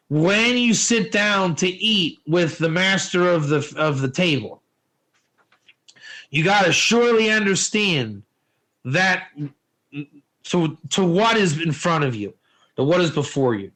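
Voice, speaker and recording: A man teaching a Torah lesson in an informal, animated way, telling stories and asking rhetorical questions. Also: high voice, takes it slowly, pauses often, rough recording.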